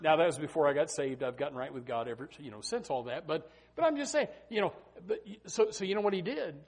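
A middle-aged man preaching a sermon as a pastor, swinging from sudden shouted peaks down to quiet, low asides. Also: animated, quick pace, slightly rough.

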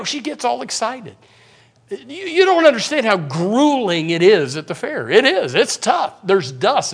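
A man preaching a sermon as pastor, fiery, swinging from loud shouts to quiet asides, with stammering restarts. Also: extremely high pitch. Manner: repeats words, stammering restarts.

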